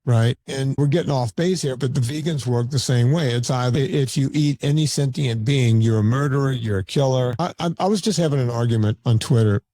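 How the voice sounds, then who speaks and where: Blunt, mellow-voiced man. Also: medium pitch, a little fast, hardly any pauses, no room sound. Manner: blunt and argumentative, with frequent stammered restarts. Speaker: podcast guest, documentary filmmaker. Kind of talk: casual podcast conversation.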